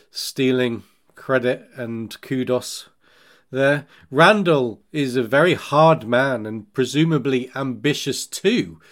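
A man hosting a podcast, discussing fantasy book lore casually, often stammering at the start of a thought and reading out listener questions. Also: medium pitch. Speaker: podcast host.

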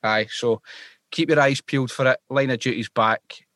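A Scottish man hosting a casual interview, agreeable and quick with short replies. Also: medium pitch, steady tone, a bit bright, no room sound, clean studio sound. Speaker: podcast host.

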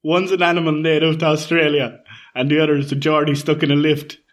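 A man's voice: fairly high pitch, level tone, brisk. Podcast guy, swears a lot, laughs at his own jokes, just chatting. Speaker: podcast co-host. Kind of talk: casual chat.

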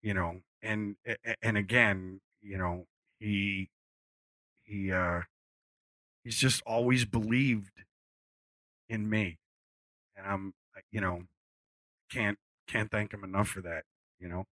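A man's voice: lowish voice, steady tone, slow, long pauses, sharp tone, dry recording. A man, a musician guest at a live event, telling casual stories to an audience in a rambling way, full of fillers and restarts, and swearing freely. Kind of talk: casual storytelling on stage.

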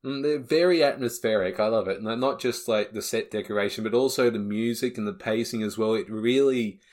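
A man's voice: lowish voice, brisk, a little mellow. A man co-hosting a podcast, chatting casually with a dry, teasing manner. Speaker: podcast co-host. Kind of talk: casual review chat.

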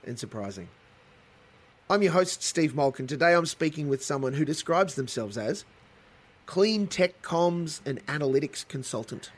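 A male podcast host with a slightly husky, breathy voice. He speaks in a measured, formal way as he introduces and questions his guest. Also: fairly high pitch. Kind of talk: podcast interview.

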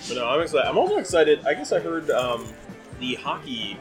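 A man's voice: a little high, big pitch swings, fairly quick, over music. A man hosting a podcast in casual chat, rambling and laughing often. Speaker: podcast host.

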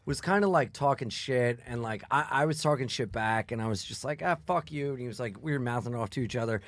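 A man's voice: mid-range voice, fast talker, no echo. A male comedian guest chatting casually on a podcast. He rambles and runs himself down, filling his talk with "like". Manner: rambling, self-deprecating, full of "like".

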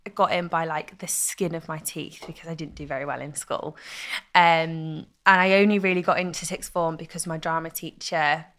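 A young woman, telling stories in a casual interview with lively, laughing chat. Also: deep voice, moderate pace. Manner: chatty, animated storytelling with laughs. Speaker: guest, content creator.

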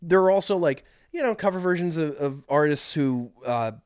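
A man's voice: on the high side, expressive, moderate pace, smooth, dry recording, studio quality. A man co-hosting a podcast in casual chat, rambling with lots of fillers and restarts. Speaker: podcast co-host.

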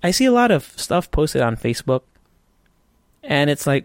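A man's voice: fairly high pitch, sing-song, moderate pace, no room sound. A man hosting a casual solo podcast, rambling and swearing freely with frequent restarts. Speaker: podcast host.

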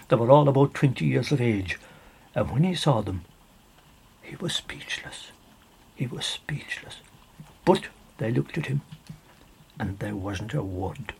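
A man with an Irish accent spins a folk tale in an unhurried, repetitive way. His voice is gravelly with a rough, husky grain. He speaks directly to his listener. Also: medium pitch, a little mellow. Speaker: storyteller. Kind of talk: traditional folk tale telling.

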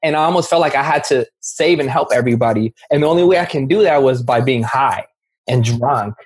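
A man's voice: medium pitch, fairly quick, husky. A young man speaking candidly as an interview guest, slangy and earnest, often repeating himself. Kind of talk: candid interview recounting addiction.

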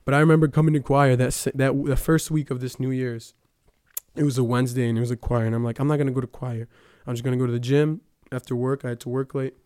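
A man's voice: mid-range voice, little pitch movement, fast, a little mellow, no echo, clean studio sound. A young man giving a casual personal testimony at church, telling his story with lots of fillers and quoted dialogue.

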